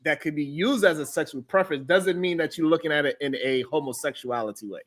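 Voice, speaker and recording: A man's voice: on the high side, fast talker, fairly bright tone. A man hosting a live stream panel, patiently arguing his point with examples and laughing often. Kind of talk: heated panel debate.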